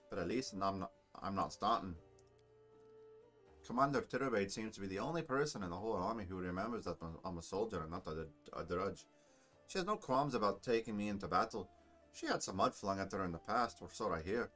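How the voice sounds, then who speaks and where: A man's voice: lowish voice, fairly bright tone. A man voicing a grim, bitter male dwarf soldier in a put-on Scottish accent, blunt and gloomy.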